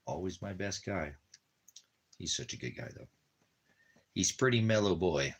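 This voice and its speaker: A man's voice: sits low, lively intonation, a little slow, long pauses, husky. A man talking casually at home, rambling and repeating himself, cooing to his dog and drifting into preachy religious talk. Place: at home in the desert.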